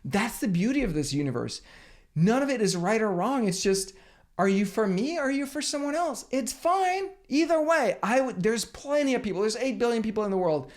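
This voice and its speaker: A man hosting his channel as a business coach, giving an energetic, emphatic motivational talk to camera with casual swearing. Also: sits high, moderate pace.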